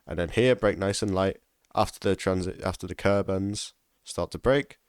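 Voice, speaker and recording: A man's voice: sits low, normal speed, clean tone, dry recording, clean studio sound. A man giving casual instructional commentary over a sim racing lap, repeating key tips for emphasis.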